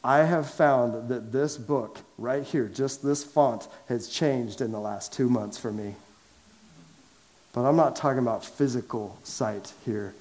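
A man preaching to a large church congregation, conversational and lively, asking them direct questions and raising his voice for emphasis. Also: medium pitch, unhurried. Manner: lively and conversational, swings from quiet asides to loud emphatic calls. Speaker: pastor. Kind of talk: sermon. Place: large church sanctuary with a downstairs.

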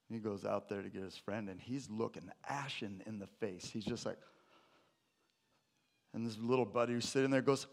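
A pastor with a lowish, creaky voice speaks at a normal pace, opening his sermon with a funny story and a joke before moving into teaching on scripture.

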